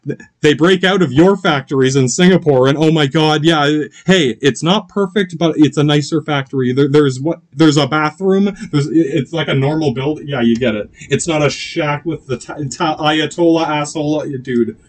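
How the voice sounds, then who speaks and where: A man from Canada hosts his channel with a rambling political rant. He curses freely and keeps restarting and breaking off into asides. His voice sits a little high. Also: normal speed. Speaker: channel host.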